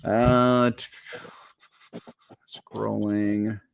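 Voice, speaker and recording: A man co-hosting a casual live stream, rambling in a relaxed way, laughing often as he reads viewer comments. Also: lowish voice, drawn-out words, vocal fry, clean tone. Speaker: co-host reading viewer comments.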